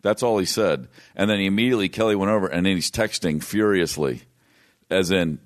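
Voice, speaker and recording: A man's voice: low-pitched, fairly quick. A man, a touring musician, telling a long story in casual chat, with restarts and laughs. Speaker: guest musician.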